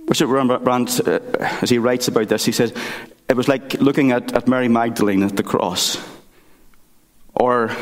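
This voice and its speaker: A man, a pastor, preaching a sermon and telling a story in an earnest, halting way with many restarts. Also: mid-range voice. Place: church sanctuary. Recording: church hall reverb.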